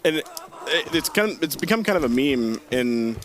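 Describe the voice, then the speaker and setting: A man explaining his own speedrun in a relaxed, casual way, full of filler words and easy laughter. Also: on the high side, moderate pace, slight background noise. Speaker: speedrunner on a live stream. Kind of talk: casual commentary.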